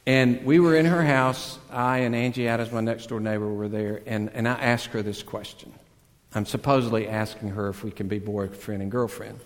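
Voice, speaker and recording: A man preaching a sermon, earnest and conversational, swelling to loud emphatic peaks and dropping back to a hush. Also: fairly low pitch, fairly even intonation, normal speed, in a large hall. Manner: conversational storytelling with self-deprecating asides. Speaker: pastor.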